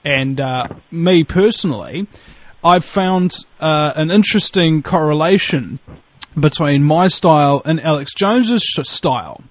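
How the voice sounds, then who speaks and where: A man with a New Zealand accent rambles and jokes on a radio chat, swearing freely and stumbling over restarts. His voice sits a little high for a man. The sound is close and dry, with no room around it. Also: animated, a little slow, no echo. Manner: rambling, profane, joking, many restarts. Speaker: radio guest.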